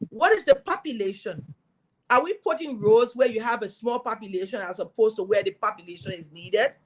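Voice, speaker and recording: A middle-aged woman from Liberia speaking, a guest in an interview telling her story as a former senator with lively, preaching energy. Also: a little high, low-quality recording. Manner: animated, preaching storytelling with acted quotes.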